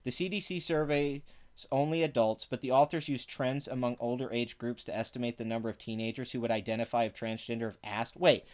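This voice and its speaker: A man's voice: medium pitch, steady tone, a little fast, darkish tone. A man giving sarcastic, profane commentary, reading parts of an article aloud between exasperated rants. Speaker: online commentator.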